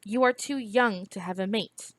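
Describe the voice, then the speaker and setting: A woman's voice: medium pitch, moderate pace, no echo, lightly acted. A woman reading aloud, voicing a stiff, haughty male scholar who speaks in a cool, clipped, formal way.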